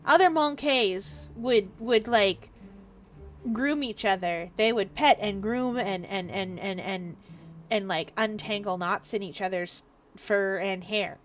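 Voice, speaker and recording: A woman livestreamer chatting casually and rambling through advice, acting out what people say in quick little voices. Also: medium pitch, slight background noise. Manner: rambling, gives advice, acts out quoted speech.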